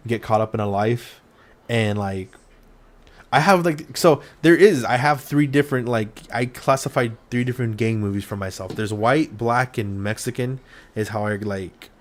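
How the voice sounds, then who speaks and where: A man's voice: mid-range voice, normal speed. A man hosting a casual chat, who talks loosely and enthusiastically and curses freely. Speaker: podcast host.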